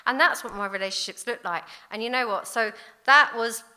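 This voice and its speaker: A woman, giving a candid, blunt recovery testimony in an animated storytelling way. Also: a little high, brisk. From London. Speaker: recovery speaker. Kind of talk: personal testimony talk.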